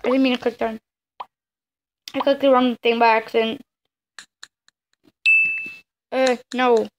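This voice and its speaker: A young woman with a high, bright-pitched voice talks through a story game, stammering and fretting as she goes. Her reactions come in quick, worried bursts. A clear hiss of noise sits under the whole recording. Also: little pitch movement. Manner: flustered, stammering, exclaims often. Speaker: gamer playing a story game. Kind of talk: casual let's-play reactions.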